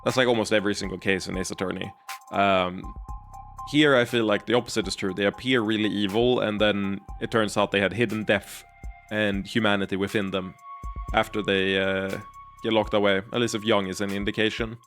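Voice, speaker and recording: Low-voiced man musing on a game. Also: fairly even intonation, brisk, a bit bright. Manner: musing, thinking aloud. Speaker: streamer. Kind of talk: live game commentary. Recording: faint music behind.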